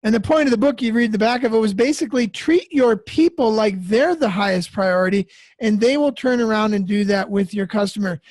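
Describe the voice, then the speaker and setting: A man's voice: high voice, brisk, darkish tone, no echo. A man hosting a podcast conversation who speaks thoughtfully and restarts his sentences as he goes. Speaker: podcast host.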